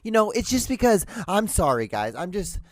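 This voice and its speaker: On his own solo comedic podcast, a man rambles and rants with crude, profane jokes into a close mic. His voice sits high and sing-song, moving at a moderate pace in a dry recording.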